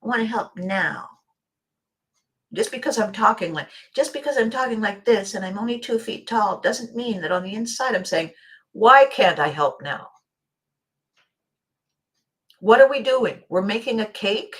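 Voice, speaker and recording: A woman's voice: fairly high pitch, normal speed, natural voice. A woman voicing a small child who wants to help and keeps asking why she can't. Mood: indignant. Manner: pleading, questioning.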